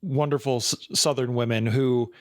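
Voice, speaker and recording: A man's voice: medium pitch, normal speed, dry recording, clean studio sound. Chatty man co-hosting a podcast. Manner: animated, chatty, frequent fillers. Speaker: podcast co-host. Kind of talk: casual podcast chat.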